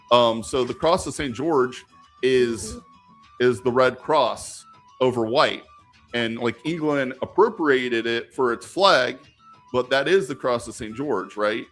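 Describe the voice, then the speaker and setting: A man's voice: mid-range voice, unhurried, a bit bright, soft background music. A man hosting a casual live stream Q&A, rambling with lots of fillers and restarts as he answers viewer questions.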